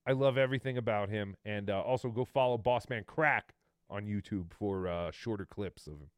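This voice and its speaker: A man's voice: fairly low pitch, normal speed, no echo. A man hosting a podcast, commenting on stream clips with sarcasm and frequent laughter. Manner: amused, sarcastic, laughing often. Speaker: podcast host reacting to clips. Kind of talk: casual commentary.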